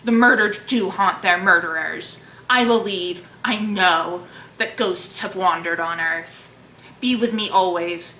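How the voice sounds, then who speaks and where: A woman's voice: fairly low pitch, pushed and bright, slight background noise. A woman reading aloud as a grief-mad, brooding man raging at his dead love, in an impassioned, dramatic way. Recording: echoey room.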